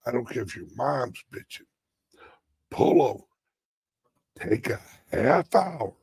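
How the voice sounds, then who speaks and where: A male show host in an emotional, profane live-stream monologue, choked up and swinging between whispers and shouts. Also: medium pitch, sing-song, slow pace, no echo. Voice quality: raspy, gravelly.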